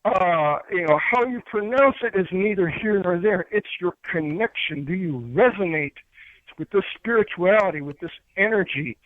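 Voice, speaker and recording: High-voiced man rambling earnestly. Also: moderate pace, no echo. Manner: rambling, earnest, many fillers and restarts. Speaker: spiritual teacher guest. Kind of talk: casual spiritual teaching talk. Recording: dry, tinny phone-line sound.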